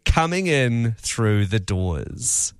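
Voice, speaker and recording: Male New co-host, relaxed, reads texts out. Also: medium pitch, drawn-out words. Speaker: radio co-host. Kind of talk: breakfast radio banter.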